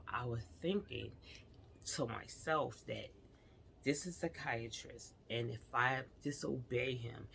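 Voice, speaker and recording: A woman's voice: extremely low pitch, gravelly, a little hiss or hum. A woman vlogger recounting a personal experience to her viewers, earnest and confiding, talking straight to them.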